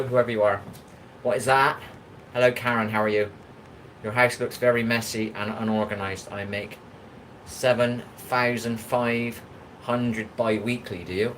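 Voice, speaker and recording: A man's voice: fairly low pitch, fairly even intonation, normal speed, a bit bright, a little hiss or hum, low-quality recording. An English man hosting a casual livestream while he cooks, rambling and talking back to chat comments. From England. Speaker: livestream host.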